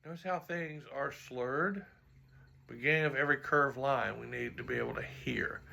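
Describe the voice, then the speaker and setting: A man with a deeply gravelly, rough-edged voice and a bright, forceful tone coaches trombone audition pieces. He sings rhythms out loud to demonstrate articulation and talks through the flaws in his own playing, with a joking aside now and then. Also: moderate pace. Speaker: trombone teacher. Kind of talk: music clinic instruction.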